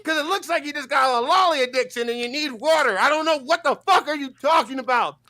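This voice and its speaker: A man co-hosting a livestream, reacting with loud, profane, mocking rants. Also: very high voice. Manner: loud, mocking and rapid-fire. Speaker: co-host.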